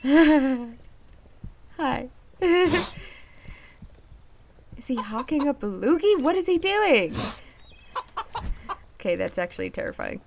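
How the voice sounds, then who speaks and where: A young woman giving casual game commentary, excitable, swearing, laughing and yelping at scares. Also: high voice, measured pace, gravelly, long pauses, a little hiss or hum. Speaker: gaming YouTuber.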